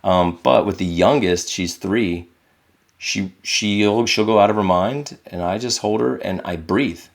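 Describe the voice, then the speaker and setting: A man with a very low, deep voice speaks candidly as a podcast guest. He is earnest and reflective, and he lifts his voice when he acts out what people said. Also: unhurried, gravelly. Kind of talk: candid conversational storytelling.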